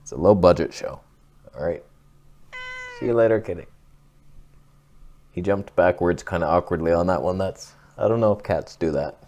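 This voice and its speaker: A man's voice: sits low, normal speed, long pauses, dark tone. A young man chatting casually to camera, telling rambling, jokey stories and swearing now and then. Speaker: vlogger.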